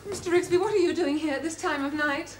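An actress playing a prim, refined middle-aged spinster, in 1970s studio sitcom style. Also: female voice, very high-pitched, fast talker, very noisy. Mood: startled. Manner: prim, refined, breathy flutter. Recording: 1970s TV clip with audience laughter.

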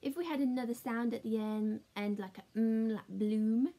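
A woman teaching a children's phonics lesson in a slow, sing-song, encouraging way, chatting with a puppet. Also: a little high, dark tone. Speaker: primary school teacher.

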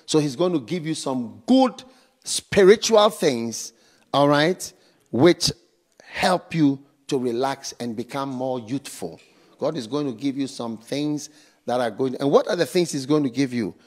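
A man preaching a slow, emphatic sermon in church, stopping often for call-outs to the congregation. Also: mid-range voice, animated. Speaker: pastor.

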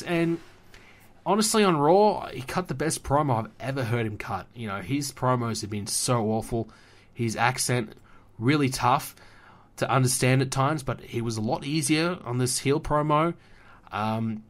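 A man's voice: mid-range voice, fairly bright tone. A man hosting a solo podcast, talking casually and with strong opinions, rambling with many fillers and restarts and swearing now and then. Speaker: podcast host.

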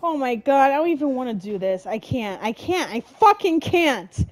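This let's play gamer, a young adult woman, speaks brisk and animated in a fairly high, slightly mellow voice. Commenting on a horror game as she plays, she curses frequently and overreacts to each scare.

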